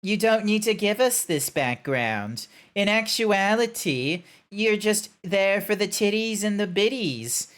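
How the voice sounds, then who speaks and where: A man's voice: high-pitched, lively intonation, unhurried, few pauses, a bit bright. Streamer doing a nasal, smug know-it-all man who lectures. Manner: condescending, lecturing. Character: smug nasal man posting a hot take.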